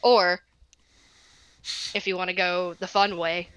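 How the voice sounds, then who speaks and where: A woman running a tabletop game, describing scenes slowly in a bright, fairly high voice. She stumbles and restarts often and laughs easily. The sound is close and dry. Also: flat delivery, smooth, no echo, dull audio. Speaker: game master.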